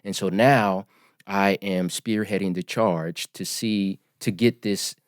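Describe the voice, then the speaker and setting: A man in his forties, a podcast guest, telling his story in an earnest, emphatic, measured way. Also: low voice, fairly even intonation, no room sound, studio quality. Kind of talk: storytelling interview.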